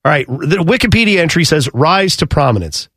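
Animated man with a lively voice. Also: fairly quick, dry recording, studio quality. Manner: animated, rambling, jumps up in pitch when flustered. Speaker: podcast co-host. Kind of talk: casual chat.

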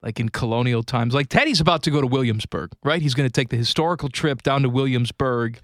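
A man's voice: mid-range voice, quick pace, no echo, studio quality. A man co-hosting a radio show, telling rambling self-mocking stories in comedic banter.

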